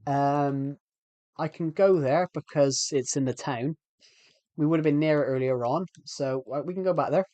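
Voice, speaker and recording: A man's voice: fairly high pitch, moderate pace, dark tone, no echo. Chatty man streaming a game. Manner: rambling, frequent restarts, chatty with viewers. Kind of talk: casual live game commentary.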